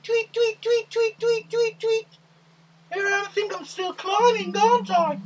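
A man voicing an excitable young male rabbit puppet who loves carrots and fears foxes, reading a children's story with sound effects and cheers. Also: a little slow, distant mic, rough recording. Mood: excited. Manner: squeaky, bouncy, full of sound effects and cheers.

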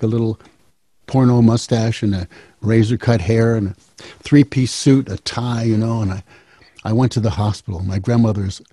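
A man in his seventies telling stories in a relaxed, wry way, full of small restarts. His voice is mellow and warm with a husky grain, sitting at an ordinary middle pitch. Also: no room sound. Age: 70s. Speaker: musician and storyteller. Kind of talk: casual storytelling.

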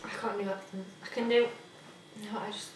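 A woman's voice: medium pitch, flat delivery, normal speed. Young woman, giggly casual chat, roomy echo, faint background noise. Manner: giggly, laughing often. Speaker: vlogger. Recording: echoey room, mic far off, faint noise.

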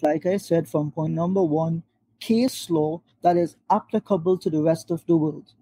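A man argues fast and insistently on a video call. His voice sits high in pitch, yet its tone is dark and husky. The sound is dry and close. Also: dry recording, low-quality recording. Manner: rapid, pressing, addresses opponent by name. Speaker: Muslim panelist in a debate.

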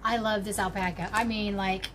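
A woman's voice: mid-range voice, fairly even intonation, moderate pace, noisy background. A woman hosting a casual crochet vlog, chatting to viewers in a bubbly, rambling way as she digs through a box. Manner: chatty, bubbly, talks to viewers while rummaging. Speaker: crochet channel host. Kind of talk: casual show-and-tell vlog.

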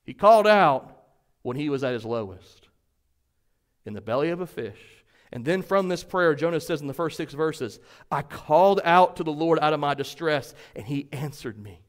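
Pastor, male, high-pitched; dynamic sermon delivery, folksy asides to congregation. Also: expressive, moderate pace. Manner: dynamic preaching, swings from loud to hushed; folksy, addresses congregation directly.

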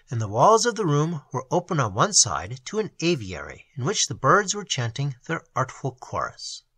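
A man narrating a classic novel as an audiobook, in a measured and expressive literary reading. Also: mid-range voice, husky, no echo.

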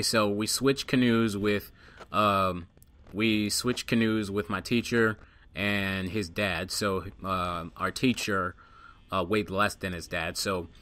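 Animated young man telling a bright, dry story. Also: on the low side, no room sound. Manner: animated storytelling, swearing, acting out quotes loudly. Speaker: gaming channel host. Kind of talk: storytelling voice-over commentary.

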